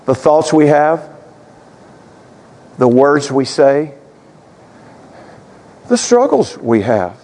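A pastor from Tennessee, preaching a sermon in a church sanctuary. He mixes folksy asides with fervent, shouted prayer. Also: on the high side, sing-song, very slow, long pauses. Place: church sanctuary with stage lights. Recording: long reverb of a large sanctuary.

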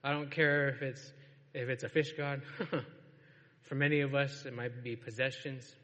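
A man's voice: medium pitch, flat delivery, measured pace, bright, forceful tone. A man preaching a sermon to a congregation in a church, in a casual storytelling way and laughing often. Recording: long reverb of a large hall.

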